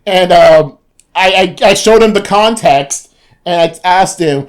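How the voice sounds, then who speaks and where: A gaming YouTuber casually answering viewer comments, rambling with many restarts, the pitch jumping up when he gets excited. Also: unhurried.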